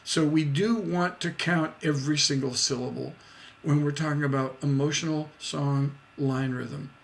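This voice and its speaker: A man teaching a songwriting lesson on a livestream, explaining slowly and scatting rhythms and singing short snippets to show his points. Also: a little high, steady tone, gravelly, slight background noise. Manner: scats rhythms and sings snippets to demonstrate; slow, deliberate explaining.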